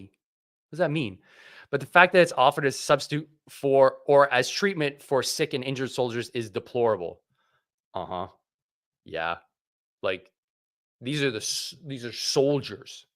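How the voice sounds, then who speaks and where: A man hosting a casual livestream chat, animated and sarcastic as he rants. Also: mid-range voice, unhurried, long pauses. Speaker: host.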